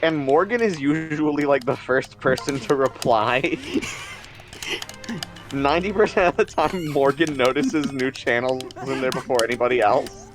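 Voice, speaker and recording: A man co-hosting a charity game stream, cracking deadpan jokes over a voice call and giggling at them. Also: mid-range voice, moderate pace, over music. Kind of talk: casual group chat over a voice call.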